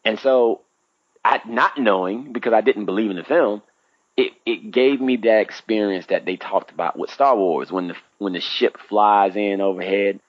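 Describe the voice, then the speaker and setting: Man, 30s, low-pitched, lively casual storyteller; dry, slightly muffled recording. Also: moderate pace, dry recording. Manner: animated, acts out his own past reactions with big pitch jumps.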